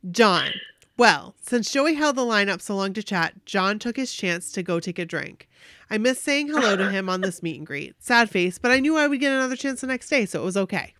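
A woman co-hosting a podcast, reading a fan's story aloud in an animated way. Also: mid-range voice, fairly quick, dry recording, studio quality.

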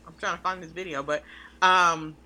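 A woman co-hosting a podcast in casual chat, emphatic and animated. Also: on the low side. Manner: animated, emphatic, drawn-out pauses. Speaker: podcast co-host.

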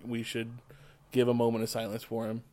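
A man hosting a laid-back podcast, steering the conversation in an easygoing, slightly halting way. He often pauses mid-thought with fillers before going on. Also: mid-range voice, completely flat delivery, dark tone. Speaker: podcast host. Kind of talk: casual chat.

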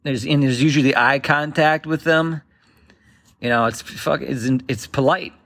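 A man's voice: medium pitch, steady tone, unhurried, fairly bright tone. A man in his thirties performing a rambling stand-up routine, acting out other voices as he goes. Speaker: stand-up comedian.

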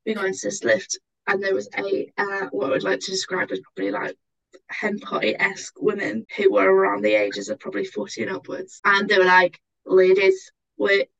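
A woman co-hosting a chatty podcast, telling an anecdote with lots of swearing and animated quoted voices. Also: mid-range voice, fairly quick, gravelly, far from the mic, muffled recording. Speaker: podcast co-host. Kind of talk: casual chat.

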